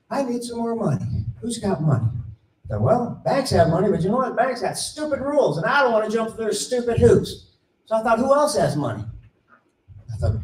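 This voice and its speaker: A middle-aged man giving a conference talk, telling a folksy story and acting out the dialogue with animated voices. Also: high voice. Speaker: conference speaker. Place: conference room. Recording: roomy, distant mic, faint ambience.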